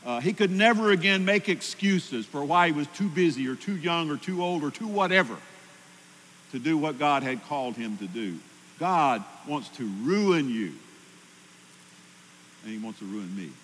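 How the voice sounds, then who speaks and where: A man preaching a sermon as pastor, emphatic, pushing his voice up loud to drive his points home. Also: medium pitch, in a large hall, a little hiss or hum, low-quality recording. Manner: emphatic, rises loudly at key points.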